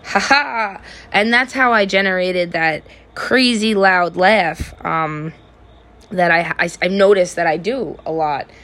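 A young adult woman hosting a podcast, telling candid, profane stories in a casual monologue and often breaking into loud laughter. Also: lowish voice, unhurried. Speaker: podcast host.

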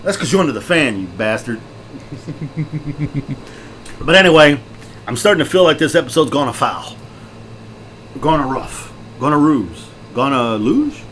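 A middle-aged man co-hosting a podcast, loud, jokey and excitable, laughing often. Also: a little high, unhurried, long pauses. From Texas. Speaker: podcast co-host. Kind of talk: casual chat. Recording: faint background noise.

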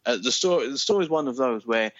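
A man's voice: mid-range voice, expressive, fast, no room sound, dull audio. A man co-hosting a podcast in casual chat, enthusiastic and rambling, with lots of fillers. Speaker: podcast co-host.

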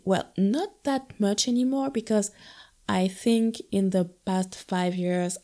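A woman's voice: lowish voice, mellow. A young adult woman from Guadeloupe, talking reflectively and casually about a film with playful asides. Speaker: film discussion host.

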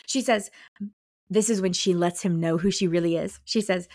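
Animated young woman chatting about a book. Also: lowish voice, normal speed, dry recording, studio quality. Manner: animated, reads book passages aloud and acts out characters. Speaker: podcast co-host. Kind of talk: casual book-club chat.

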